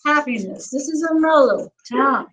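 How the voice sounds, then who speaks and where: A woman with a put-on Southern US accent teaching oil painting in a soft, folksy, gently joking livestream lesson in the manner of a TV painter. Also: sits high, animated, normal speed. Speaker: painting instructor. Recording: noisy livestream audio.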